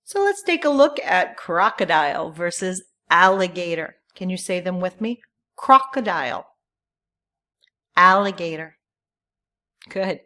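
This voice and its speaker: A woman from the United States teaching English through a poem, speaking slowly and clearly and encouraging learners to repeat after her. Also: on the low side, animated, a bit bright. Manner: slow, clear and encouraging, modelling pronunciation.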